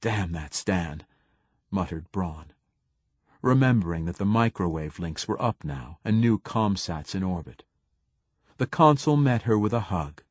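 A man reading a novel aloud as an audiobook narrator, in a measured, even storytelling manner. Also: deep voice, dry recording. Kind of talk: scripted narration.

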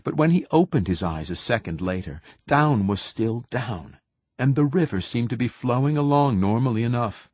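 A man narrating a science fiction audiobook in a steady, even storytelling manner. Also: mid-range voice, normal speed, slightly rough, no room sound. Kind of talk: scripted narration.

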